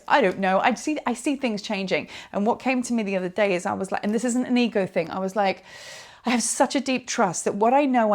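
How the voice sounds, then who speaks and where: A woman giving a rambling, animated spiritual talk outdoors on a hill, with frequent asides and laughs. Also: mid-range voice. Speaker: spiritual teacher. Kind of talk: casual spiritual monologue. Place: outdoors on a hilltop.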